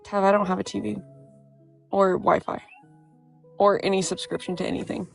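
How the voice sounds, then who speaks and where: A woman's voice: mid-range voice, steady tone, normal speed, creaky, faint music behind. A woman in a casual live stream chat, teasing and bemused.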